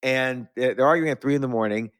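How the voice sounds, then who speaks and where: A man's voice: medium pitch, fast talker, clear, resonant tone, dry recording, studio quality. A middle-aged man hosting a podcast, telling long rambling anecdotes with restarts and laughs. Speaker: podcast host. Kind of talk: storytelling in conversation.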